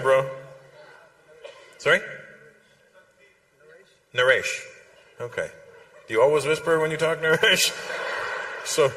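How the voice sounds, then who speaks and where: Bright-voiced comedian on a big stage. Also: male voice, on the high side. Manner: teasing, chatty, swearing. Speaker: stand-up comedian. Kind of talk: stand-up crowd work. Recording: live hall reverb with faint noise.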